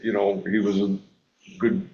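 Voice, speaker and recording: Low-voiced man, reflective. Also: little pitch movement, unhurried, darkish tone. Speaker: discussion participant. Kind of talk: casual discussion. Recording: dull lo-fi sound.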